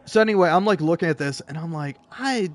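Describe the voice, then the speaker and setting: Young guy rambling a work story over gameplay, kinda high voice, keeps restarting and cussing. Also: fast talker. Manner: rambling, stammering restarts, casual swearing. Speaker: gaming video host. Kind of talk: storytelling while playing a game.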